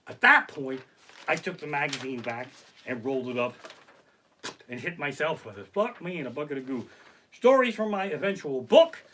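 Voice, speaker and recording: A middle-aged stand-up comedian with a slightly high voice tells profane stories on a live stream from his living room, speaking at normal speed. He's animated and acts out the other people's lines. A basic home streaming mic picks him up, with background noise.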